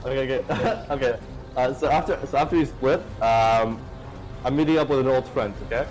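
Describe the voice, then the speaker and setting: A man playing a tabletop game, talking casually in a halting way with many fillers. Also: medium pitch, darkish tone, faint music behind, rough recording. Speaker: player.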